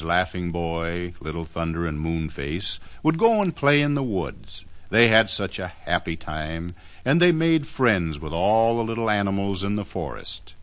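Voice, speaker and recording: Expressive male storybook narrator. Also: low voice. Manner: gentle, expressive reading with asides to the listener. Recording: dull lo-fi record.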